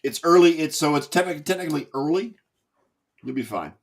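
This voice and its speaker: A man's voice: on the high side, expressive, fairly quick, a crowd in the background. A man hosting a casual sports podcast, easygoing and stumbling over repeated words. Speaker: podcast host.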